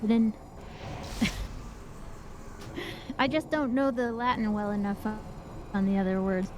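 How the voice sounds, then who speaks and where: Chatty woman gamer, fairly high voice. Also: slow, darkish tone, a little hiss or hum. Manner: chatty, explains things at length with laughs. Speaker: gaming group member. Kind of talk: casual chat while gaming.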